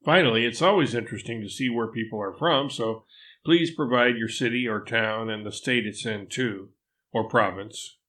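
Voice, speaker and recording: A man's voice: medium pitch, moderate pace, fairly bright tone. An older man reads his written programming lesson aloud, adding dry, wry asides. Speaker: newsletter author reading his programming lesson.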